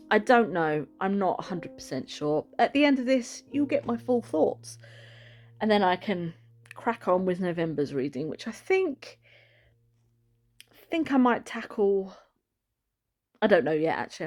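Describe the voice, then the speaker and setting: A woman vlogging casually to camera about a book she is reading, chatty and rambling, often correcting herself mid-sentence. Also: fairly low pitch.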